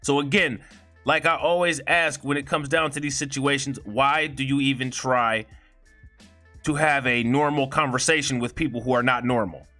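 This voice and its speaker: A man's voice: medium pitch, steady tone, normal speed, bright, forceful tone, soft background music. A man giving a heated, profane commentary in a blunt, indignant way. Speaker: video commentator.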